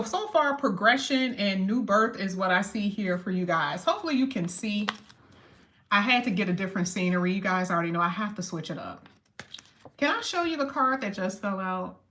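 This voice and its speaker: A woman with a medium-pitched voice gives a casual tarot reading to camera. She's chatty and lively, addresses her viewers directly, and slows down to emphasize key phrases.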